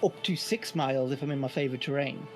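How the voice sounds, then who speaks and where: A man's voice: mid-range voice, fast talker, soft background music, poor audio. A man playing a tabletop game, chatting casually and breezily explaining his character's abilities. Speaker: player.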